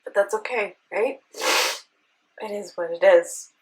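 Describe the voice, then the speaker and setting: Slow and mid-range, a woman beauty vlogger shares a heartfelt personal story, earnest and sometimes close to tears. She keeps checking in with listeners using a rhetorical "right?", on a low-quality recording.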